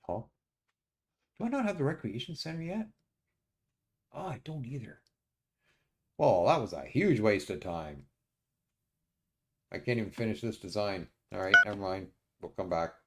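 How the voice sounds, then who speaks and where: Gravelly man muttering through a strategy game. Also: lowish voice, big pitch swings, a little mellow. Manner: muttering to himself, halting with many uhs. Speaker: streamer playing a strategy game. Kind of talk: casual let's-play commentary.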